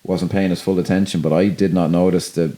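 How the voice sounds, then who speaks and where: A man's voice: low-pitched, level tone, mellow. A man co-hosting a film podcast in casual chat, rambling and swearing, and briefly acting out lines from the film. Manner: rambling, profane, acts out movie lines in quick bursts. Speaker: podcast co-host.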